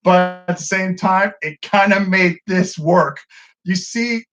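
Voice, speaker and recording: A man co-hosting a wrestling review show in casual, profane commentary, excitable and acting out what the wrestlers said. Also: sits high, takes it slowly, music in the background. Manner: excitable, swears a lot, acts out quotes. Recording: dull lo-fi sound.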